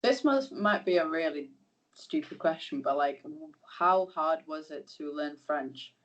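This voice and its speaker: A woman's voice: sits low, expressive, unhurried, muffled recording. A woman from Serbia whose first language is Serbian, co-hosting a podcast in a casual chat. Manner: brief agreeing interjections, easy laughter. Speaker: podcast co-host.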